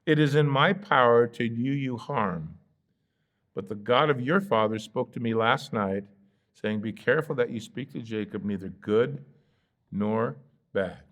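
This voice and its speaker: A man's voice: mid-range voice, a little slow, fairly bright tone, muffled recording. A man with an American accent, a pastor teaching a Bible study in a conversational way, with fillers and playful asides where he acts out the characters. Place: church sanctuary.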